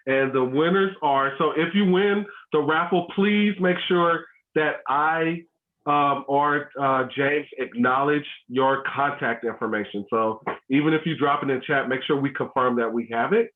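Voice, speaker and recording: A man's voice: medium pitch, a little slow. A man hosting an online family workshop for a school, talking casually with many ums and restarts. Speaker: host of a school family learning session. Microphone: video call. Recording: tinny phone-like video call audio.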